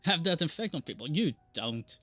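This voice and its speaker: A man's voice: fairly high pitch, a bit bright, no room sound. A man casually chatting while streaming a game live, rambling and joking with frequent laughs and the odd swear. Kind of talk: casual live gameplay chat.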